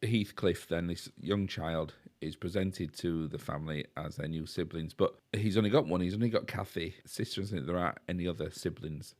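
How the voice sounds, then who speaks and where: Low-voiced Yorkshire man recapping a film. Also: brisk, few pauses, darkish tone. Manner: rambling retelling with fillers and tag questions. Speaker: podcast co-host. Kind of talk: casual film recap chat.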